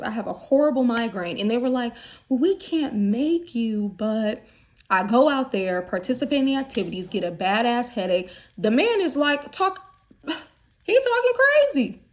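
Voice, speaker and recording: A woman's voice: mid-range voice, animated, a little fast. Chatty candid woman vlogger. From United States. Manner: chatty and candid, with lots of fillers. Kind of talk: candid casual chat.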